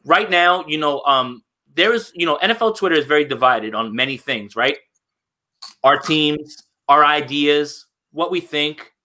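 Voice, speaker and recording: Casting: a bright, higher-voiced man, opinionated sports co-host talking fast in fits and starts. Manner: animated, opinionated, many restarts. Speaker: podcast co-host. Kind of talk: casual sports chat.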